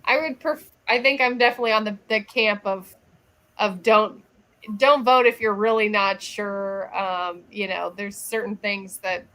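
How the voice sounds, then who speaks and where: A woman's voice: mid-range voice, fairly even intonation, a little slow, sharp tone, rough recording. A woman in casual talk-show chat, thoughtful and hesitant, restarting her sentences and laughing lightly.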